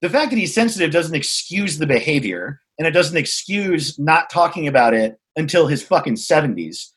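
A man telling a personal story in a frank, reflective way, swearing freely and pausing to find his words. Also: fairly high pitch, expressive, fairly bright tone. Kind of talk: candid conversational storytelling.

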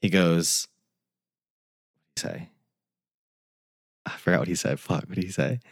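Deep-voiced young man telling a story. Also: slow pace, gravelly, husky, no echo, studio quality. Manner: loose, profane, acts out quoted dialogue. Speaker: tour photographer, podcast guest. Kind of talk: casual storytelling.

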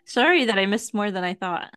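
A woman in relaxed podcast chat, recapping a show and backing up her co-host with easy agreement. Her voice has a bright, forward edge at a middle pitch. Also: a little fast. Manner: relaxed, affirming with frequent "mm-hmm" and "yeah". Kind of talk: casual chat recapping a TV episode.

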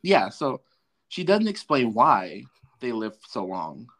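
A man's voice: mid-range voice, sing-song, takes it slowly, a bit bright. A man co-hosting a podcast, chatting casually about a TV show in a laid-back way. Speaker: podcast co-host. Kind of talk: casual TV recap chat.

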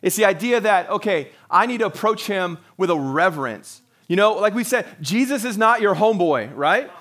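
A man's voice: sits high, expressive, moderate pace, fairly bright tone. A middle-aged man preaching a sermon, talking conversationally and acting out quotes in little voices. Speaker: pastor.

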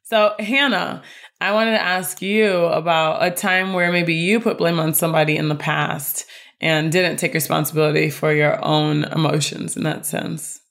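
A woman's voice: low-pitched, fairly even intonation, normal speed, a bit bright. Earnest woman podcast co-host. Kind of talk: casual podcast chat.

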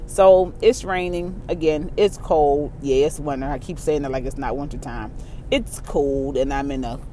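A person with a Baltimore and New York mixed accent rambles through a casual solo monologue. The talk is candid and full of swearing, broken up by laughs and repeated phrases. A faint background hiss sits under the voice at a middle pitch. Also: darkish tone. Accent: Baltimore and New York blend. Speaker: solo vlogger.

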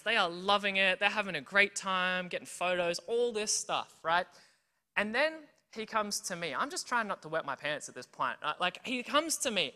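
An Australian preacher giving a sermon full of humorous stories, often checking in with the audience. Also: medium pitch. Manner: animated, tells stories, keeps checking in with "right?" and "okay?". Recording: long reverb from a big hall.

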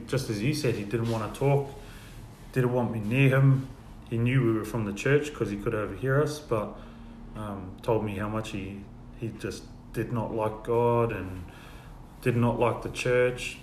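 A man shares church testimonies in a relaxed storytelling way and dips quietly into the voices of the people in his story. The room sounds echoey, with a faint hum of ambient noise behind him. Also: on the low side. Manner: storytelling, acts out quoted dialogue softly. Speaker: guest sharing testimonies. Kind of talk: casual church testimony chat.

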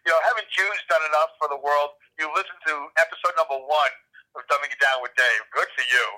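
A man's voice: fairly high pitch, fast talker, sharp tone. A man talking by phone from his car, a self-deprecating joker who halts with many ums. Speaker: podcast guest. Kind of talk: casual chat. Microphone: phone headset. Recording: tinny phone line.

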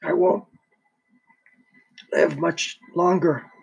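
A man's voice: fairly high pitch, fairly even intonation, extremely slow, gravelly, a little mellow, husky, heavily acted. A man voicing a bitter, dying old man who speaks weakly between coughs in an audiobook reading. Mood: bitter, weary. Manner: weak, coughing, curt. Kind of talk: audiobook character voice.

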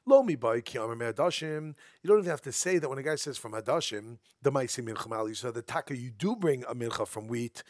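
A man's voice: medium pitch, lively intonation, fast talker, few pauses, no room sound. A man teaching a Talmud lesson, reading the text in a sing-song study chant and explaining each phrase in casual English.

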